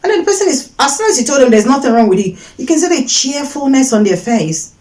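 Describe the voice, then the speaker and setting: A high, fast-talking woman's voice, a little mellow with big pitch swings, comes through a rough recording. She is a Christian teacher offering advice in an earnest faith talk, hammering points through repetition and acting out short quotes.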